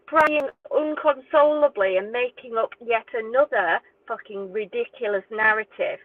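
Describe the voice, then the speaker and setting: Woman, higher voice, angry swearing rant, thin phone-line audio. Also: no room sound. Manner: indignant, swearing, exasperated. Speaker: true crime YouTuber. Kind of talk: angry direct-to-camera rant. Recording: tinny phone-like dry audio.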